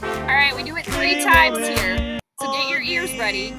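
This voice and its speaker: A young adult woman hosting a live sports stream, reacting to the game in an excitable, exclamatory, chatty way. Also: high-pitched, normal speed, over loud music. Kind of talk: live play-by-play reaction commentary.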